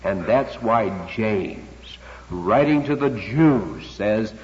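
A man preaching with a very lively, swooping delivery, leaning hard on key words and drawing them out for emphasis. His voice rings with a long reverb tail, as if in a large church, and the recording sounds dull and lo-fi. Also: on the low side, very slow. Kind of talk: expository sermon.

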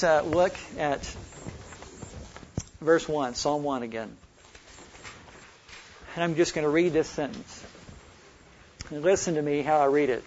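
A man from Oklahoma and Texas leads a Bible study workshop, slowing down to stress single words when he reads scripture. His voice is fairly high, and the recording has its highs cut off.

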